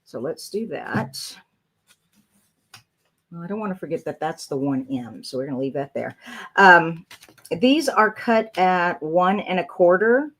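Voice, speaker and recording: A woman's voice: on the low side, animated, unhurried, long pauses, a bit bright. A woman, chatting loosely as she talks through a craft project on a live stream. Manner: chatty, rambling, thinks aloud while working. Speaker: crafting channel host.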